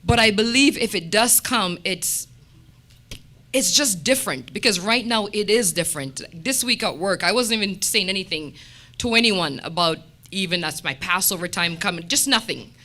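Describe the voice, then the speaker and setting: A woman sharing a testimony at a church meeting, telling stories with lively quoted dialogue. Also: medium pitch, normal speed. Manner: animated storytelling with quoted dialogue.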